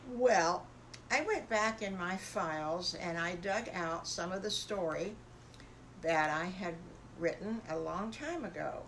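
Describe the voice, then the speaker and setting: An older woman, a grandmother telling a bedtime story in a gentle, homey, folksy way. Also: fairly low pitch, takes it slowly, a little hiss or hum.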